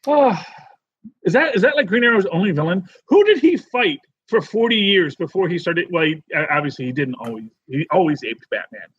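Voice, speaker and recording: A man co-hosting a podcast in casual chat, rambling and animated with many restarts. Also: high-pitched, brisk, breathy edge, dry recording, muffled recording. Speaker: podcast co-host.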